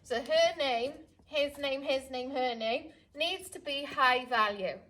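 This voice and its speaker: High, bright-voiced woman dog trainer. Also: slow. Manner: explains step by step, calls to her dogs in an excited high voice. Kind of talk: outdoor training demonstration.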